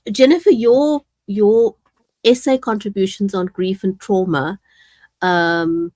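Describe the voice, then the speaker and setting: A woman host asking interview questions slowly and deliberately, with fillers. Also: medium pitch, no room sound.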